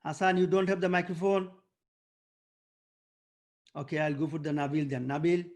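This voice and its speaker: A man teaching an online debate workshop over a video call. He coaches and quizzes students by name, and he often pauses and searches for words with fillers. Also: on the high side.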